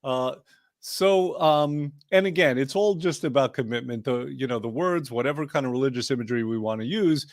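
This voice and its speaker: A man's voice: medium pitch, fairly quick, no room sound, studio quality. A man hosting a casual wellness chat, playful and persuasive, mixing jokes into his coaching over a video call. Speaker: wellness program coach and host.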